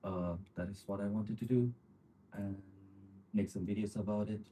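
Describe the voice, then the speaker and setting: A man hosting a casual livestream, answering viewer comments in rambling, relaxed with many fillers and frequent chuckles. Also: on the low side, moderate pace, a little hiss or hum. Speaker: livestream host.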